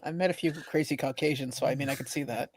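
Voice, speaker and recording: A man's voice: medium pitch, steady tone, fast, husky. A man co-hosting a casual livestream chat, joking and laughing a lot as he tells stories. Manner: jokey, laughs often, puts on funny voices in anecdotes. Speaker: livestream co-host.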